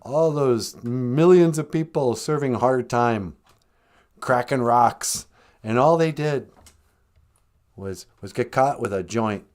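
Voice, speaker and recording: A man's voice: mid-range voice, takes it slowly, darkish tone. A man hosting a comedic podcast, joking sardonically and laughing at his own jokes. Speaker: podcast host.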